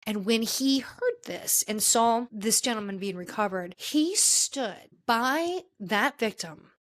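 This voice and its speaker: A woman hosting a casual podcast, talking in an emotional, halting way and choking up as she goes. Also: a little high, expressive. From Washington, D.C. area. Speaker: podcast host.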